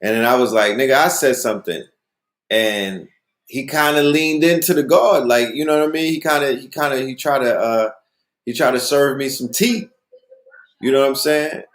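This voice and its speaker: A man's voice: mid-range voice, normal speed, echoey room. A man hosting a casual monologue, telling stories loosely and often asking "you know what I mean". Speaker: host.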